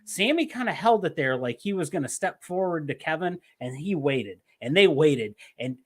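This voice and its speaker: Man, young adult, podcast co-host, slightly high pitch, animated, emphatic, profane. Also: moderate pace, breathy edge. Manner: animated, emphatic, swears often. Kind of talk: casual wrestling podcast chat.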